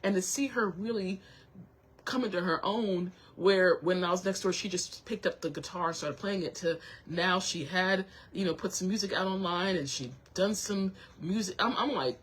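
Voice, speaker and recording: A young woman hosting her own show, talking to viewers while close to tears, halting with many restarts and apologies. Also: fairly low pitch, husky. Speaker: show host. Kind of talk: emotional personal talk to viewers.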